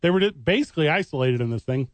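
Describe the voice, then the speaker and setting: A man's voice: on the high side, expressive, very fast, no echo. A man co-hosting sports talk radio, arguing his point and choosing his words with care. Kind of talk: heated sports talk debate.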